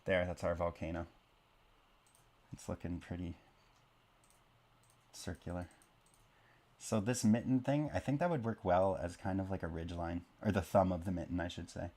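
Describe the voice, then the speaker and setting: A man's voice: low voice, normal speed, pauses often, darkish tone. A man born in Canada and raised in Oklahoma, chatting casually and joking at his own expense while he draws a map. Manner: rambling, self-deprecating, jokey asides. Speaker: map-drawing video creator. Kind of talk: casual commentary while drawing.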